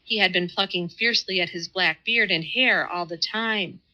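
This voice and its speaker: A woman narrates a classic novel in calm, measured tones. Her voice is bright and sits at a middle pitch. The recording has a dull, slightly muffled sound. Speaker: audiobook narrator. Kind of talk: scripted narration.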